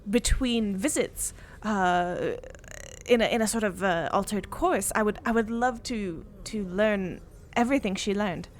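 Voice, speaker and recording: A woman's voice: a little high, lightly acted. A woman voicing her own character, an earnest, polite young woman adventurer who hesitates and searches for words. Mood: eager.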